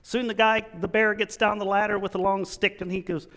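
Earnest, halting man preaching a sermon. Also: high voice, little pitch movement, fairly bright tone, long reverb tail. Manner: earnest, halting, with many restarts.

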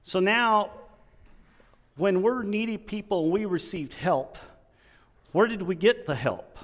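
A man preaching a sermon in an earnest, halting way, restarting his sentences often. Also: sits high, lively intonation, big-room sound.

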